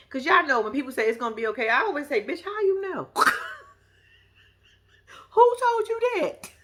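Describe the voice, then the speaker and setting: A woman giving blunt, profane, casual commentary on a reality show, retelling scenes with lively put-on voices. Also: a little high.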